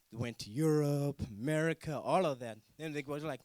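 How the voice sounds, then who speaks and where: A man's voice: fairly high pitch, brisk, few pauses, darkish tone, dry recording. A man from Africa doing a stand-up comedy set at a student talent show, teasing the crowd and judges with mock outrage.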